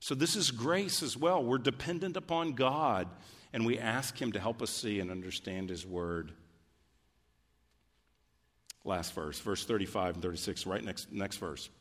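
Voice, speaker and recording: A man preaching a sermon as a pastor, earnest and emphatic, rising in pitch when he pleads in prayer. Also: moderate pace, a bit bright. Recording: long reverb of a large hall.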